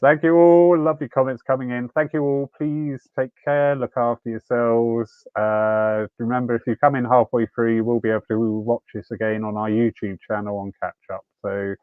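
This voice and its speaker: A man's voice: medium pitch, flat delivery, moderate pace, hardly any pauses, clear, resonant tone, dry recording. A man hosting a church evening over a video call, chatty and anecdotal, laughing easily. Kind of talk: hosting and telling a personal story. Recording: tinny, phone-like call audio.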